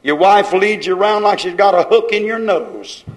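High-pitched preacher scolding his flock. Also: normal speed, rough recording. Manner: scolding, rhythmic repetition, folksy grammar. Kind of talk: fiery sermon.

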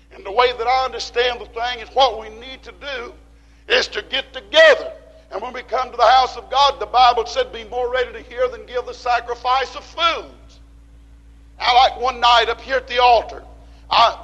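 A man preaching a fiery sermon, slowing to hammer home short lines and rising into shouts. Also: very high-pitched, lo-fi sound. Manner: preaching with rising shouts and slow emphatic repeats. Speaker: pastor.

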